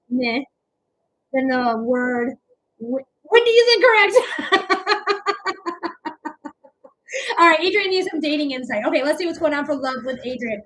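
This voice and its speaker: Brief: young woman, high voice, chatty livestream reader, affectionate, lots of "okay?" and "um". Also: no echo, poor audio. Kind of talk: casual livestream chat, reading comments.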